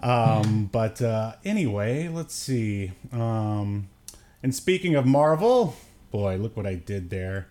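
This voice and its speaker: A man's voice: medium pitch, animated, a little slow, darkish tone. A man hosting a podcast in casual chat, joking and laughing often, with plenty of fillers. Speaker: podcast host.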